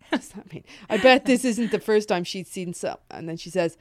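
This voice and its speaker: A woman's voice: mid-range voice, moderate pace, few pauses, darkish tone. Woman reading a story, laughing a lot. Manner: laughs often, breaks off to comment, swears freely. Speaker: podcast co-host. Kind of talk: comic reading of a story aloud.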